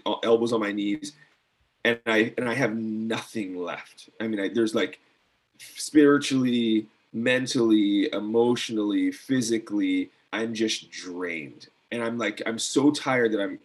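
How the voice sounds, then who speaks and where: Husky-voiced man telling an earnest story. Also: fairly low pitch. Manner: earnest, many fillers and restarts. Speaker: guest, former decathlete. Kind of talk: casual storytelling interview.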